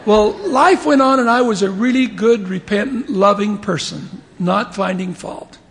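A man's voice: high-pitched, a little slow, vocal fry, in a large hall, a little hiss or hum. A man in his fifties giving a humorous sermon, telling stories and acting out the voices of the people in them. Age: 50s. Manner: animated storyteller acting out voices, chuckling often. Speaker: church leader giving a devotional talk.

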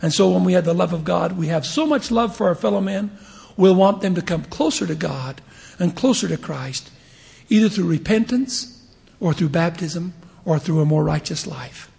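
A man in his fifties preaches with a light, storytelling touch, bouncing into voices for the people in his anecdotes. His voice sits high for a man and carries a gravelly edge, and it rings out in a large hall with a long echo. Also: normal speed. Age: 50s. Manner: animated storyteller acting out voices, chuckling often. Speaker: church leader giving a devotional talk. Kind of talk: humorous sermon with stories.

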